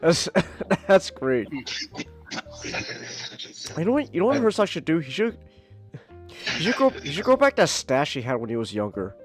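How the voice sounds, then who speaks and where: A man's voice: on the high side, very animated, normal speed, pauses often, soft background music. A man hosting a casual live podcast stream, laughing often and teasing his co-hosts. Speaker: podcast host.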